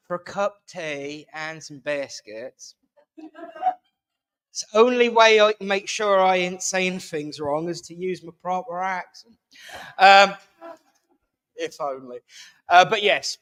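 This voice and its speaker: Slow, chatty man leading a service. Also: sits high, a bit bright, smooth, low-quality recording. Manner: chatty, self-mocking, playful. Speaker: service leader and host. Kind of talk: jokey announcements and closing prayer. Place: village hall.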